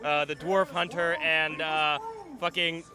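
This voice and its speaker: A man's voice: fairly high pitch, level tone, unhurried. A man co-hosting a live event stream, joking in a playful, self-deprecating way outdoors. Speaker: stream co-host. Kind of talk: casual pre-show banter.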